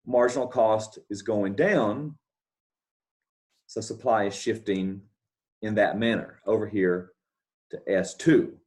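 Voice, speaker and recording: A man's voice: fairly low pitch, slow, long pauses, a little mellow. A man giving a recorded economics lecture, explaining step by step over his notes and repeating key points with checking questions. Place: talking over scribbled notes, not at a board.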